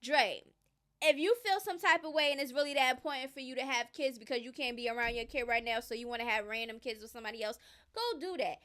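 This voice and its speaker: Smooth-voiced woman giving emphatic commentary. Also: high voice. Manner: emphatic and opinionated, swings between loud and muttered. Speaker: gossip commentary host. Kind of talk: casual commentary, reading posts aloud.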